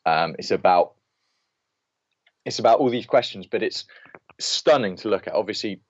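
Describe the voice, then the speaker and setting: Opinionated low-voiced man. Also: lively intonation, moderate pace. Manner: opinionated, rants with many restarts. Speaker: podcast co-host. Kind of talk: casual film-review chat. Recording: dull lo-fi podcast audio.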